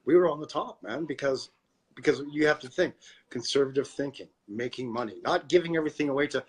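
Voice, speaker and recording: In a casual political chat, a man from Canada who co-hosts a podcast vents profanely and excitedly, repeating words a lot. He talks fast in a husky, medium-pitched voice.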